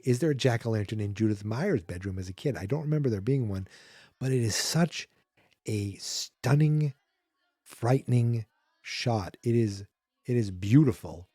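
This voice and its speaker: A man hosting a podcast, recapping a film in a casual, animated, enthusiastic way with some swearing. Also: mid-range voice, husky, no room sound, studio quality. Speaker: podcast host.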